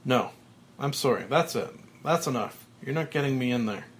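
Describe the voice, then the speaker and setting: A man reading a script aloud, voicing a panicked middle-aged male TV executive who shouts and pleads. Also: medium pitch, animated, normal speed, slight background noise, lightly acted. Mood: disbelieving.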